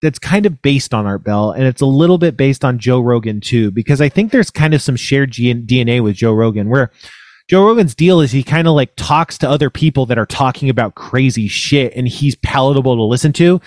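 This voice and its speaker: A man in his thirties talks loosely on a podcast, wandering through his thoughts with plenty of hesitations and fillers. His voice sits in a middle pitch. The sound is dry and close, as over a video call. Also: brisk, a little mellow, no echo. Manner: rambling, full of hesitations and filler words. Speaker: podcast co-host. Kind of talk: casual conversational chat.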